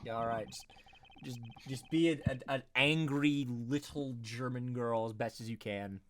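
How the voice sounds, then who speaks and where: A man hosting a let's play who chats casually and animatedly with a guest. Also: medium pitch. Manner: animated, quick to laugh. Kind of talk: casual gameplay chat.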